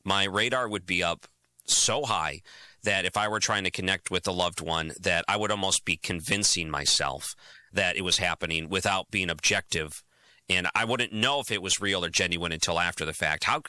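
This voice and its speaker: A man's voice: low voice, moderate pace, sharp tone, no room sound. A man hosting a radio talk show, asking thoughtful questions in a conversational way. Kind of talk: radio interview.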